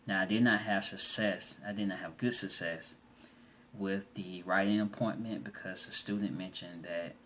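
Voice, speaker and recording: A man with a very low voice records a reflection for a class discussion forum. He speaks haltingly, often restarting his phrases and reading quotes aloud. A faint room hum sits behind him. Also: fairly bright tone. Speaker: student.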